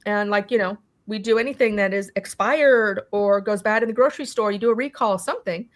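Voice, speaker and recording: A woman's voice: mid-range voice, brisk. A woman recounting her own experience in an interview, talking animatedly, acting out what people said and often restarting with "you know". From California. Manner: animated storytelling, acting out quoted dialogue. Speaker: interview guest. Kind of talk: personal testimony in a conversation.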